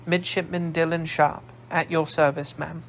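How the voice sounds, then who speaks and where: A man voicing a plucky Scottish young woman passing as a boy soldier, Glasgow accent, blunt, gravelly. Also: on the high side, level tone, moderate pace, slight background noise. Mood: blunt, dutiful. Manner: blunt, down-to-earth.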